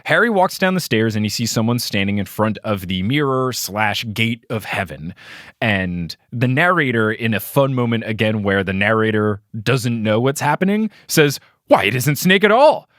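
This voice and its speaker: Lively, laughing male podcast host. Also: normal speed, dry recording, clean studio sound. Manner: reads quotes aloud with big pitch jumps, laughs often. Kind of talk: casual podcast recap.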